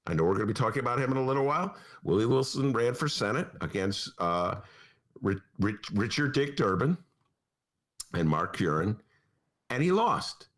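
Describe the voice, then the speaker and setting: A man's voice: lowish voice, big pitch swings, moderate pace, fairly bright tone. A man hosting a political talk podcast in a studio, sarcastic and mocking in his banter. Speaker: podcast host. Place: radio studio.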